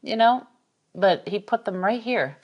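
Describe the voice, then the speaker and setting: A woman's voice: mid-range voice, animated. A woman hosting a podcast, chatting casually and supportively with her guest. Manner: supportive, quick backchannels and laughs. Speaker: podcast host. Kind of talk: casual chat.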